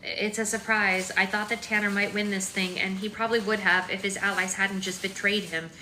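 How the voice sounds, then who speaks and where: A woman doing a calm detached commentator. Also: mid-range voice, fairly quick, natural voice. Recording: echoey room with faint noise.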